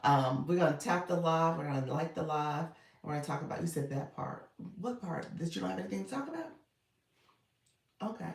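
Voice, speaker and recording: This low-pitched woman sounds animated and brisk, with vocal fry, as she hosts a coaching livestream. She greets viewers warmly, reads their comments, laughs a lot and addresses them as "friend," all from somewhat off-mic in a reverberant room.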